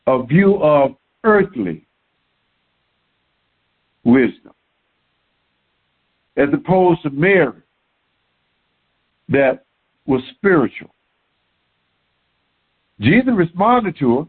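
A man preaching a sermon in an animated way, repeating words for emphasis. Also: fairly high pitch. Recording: tinny phone-like sound.

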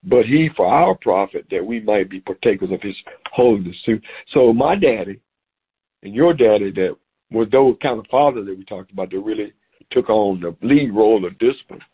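A middle-aged man preaching a sermon over a phone call, animated and repeating words as he goes. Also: lowish voice, moderate pace, slightly rough. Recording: tinny phone-line sound.

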